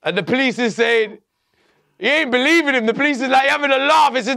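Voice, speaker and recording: Gravelly high-voiced man. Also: quick pace, no room sound, clean studio sound. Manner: animated, profane, laughing storyteller. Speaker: podcast guest. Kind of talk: storytelling in conversation.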